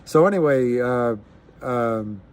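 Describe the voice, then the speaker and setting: A man's voice: medium pitch, animated, takes it slowly, clean tone. A man hosting a casual livestream, musing aloud in a rambling way with frequent restarts. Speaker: livestream host.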